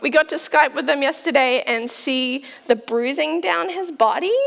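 A middle-aged woman giving a storytelling sermon, animated and laughing, acting out the voices she quotes. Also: high-pitched, moderate pace, creaky. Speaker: speaker at a church talk.

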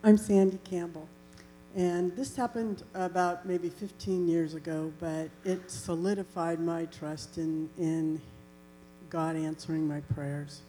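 Woman, low and mellow, earnest testimony, faint mains hum. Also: steady tone, slow, poor audio. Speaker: church member giving a testimony. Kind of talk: personal testimony.

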